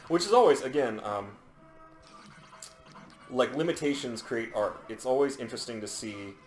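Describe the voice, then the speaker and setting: A man's voice: mid-range voice, expressive, normal speed, echoey room, faint music behind. A man co-hosting a let's play, chatting casually and jokingly about the game and game design. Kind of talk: casual gameplay commentary.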